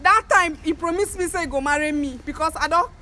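A woman's voice: sits high, brisk, sharp tone, a little hiss or hum. A young Nigerian woman, tearful, angry and accusing, confronting the ex-partner who left her. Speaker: ex-girlfriend confronting a former partner. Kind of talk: emotional street confrontation.

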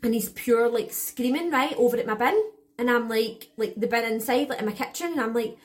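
A woman's voice: on the high side, a little fast. Rambling, shaken young woman. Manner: rambling, filler-heavy, swears a lot. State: shaken and jittery. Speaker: vlogger. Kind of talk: casual storytime to camera.

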